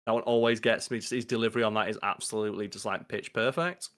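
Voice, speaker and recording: A man co-hosting a podcast in casual chat, animated and swearing freely as he acts out quoted lines. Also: fairly low pitch, fast. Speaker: podcast co-host.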